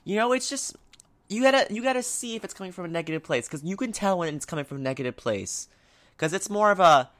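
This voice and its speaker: A young man talks straight to his viewers and gives advice. He rambles, restarts his sentences and leans on fillers, and his delivery stays lively and animated. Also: high-pitched, fast. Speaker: vlogger giving advice. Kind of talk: casual advice vlog.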